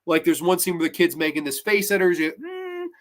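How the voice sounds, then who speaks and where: A man with a slightly high, somewhat bright voice talks quickly while hosting a casual show reviewing horror episodes. He rambles and swears, uses lots of filler words, and mimics characters in exaggerated voices.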